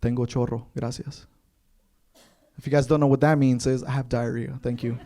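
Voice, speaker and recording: A man's voice: mid-range voice, moderate pace. A young man from Kentucky performing a stand-up comedy set on a club stage, acting out the other people in his stories. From Kentucky, USA. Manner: animated storytelling, acts out voices of others. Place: comedy club stage before a live audience.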